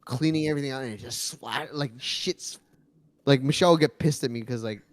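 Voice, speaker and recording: A man's voice: mid-range voice, fairly quick. A man co-hosting a podcast, chatting casually and swearing freely. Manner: animated, swearing, mimics voices in quotes. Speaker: podcast co-host. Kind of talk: casual chat.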